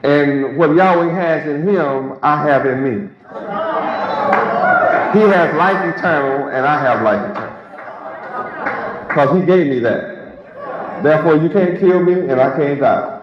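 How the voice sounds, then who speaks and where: A man's voice: on the high side, a little slow, pauses often, very noisy. A man preaching a sermon to a live congregation, emphatic and repetitive, posing rhetorical questions. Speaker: preacher and teacher. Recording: echoey, dull lo-fi recording with crowd.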